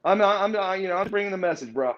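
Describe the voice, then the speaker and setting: A man's voice: high voice, expressive, fast, muffled recording. A man telling stories as a podcast interview guest, rambling, restarting his words and chuckling often. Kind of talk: casual storytelling in a podcast interview.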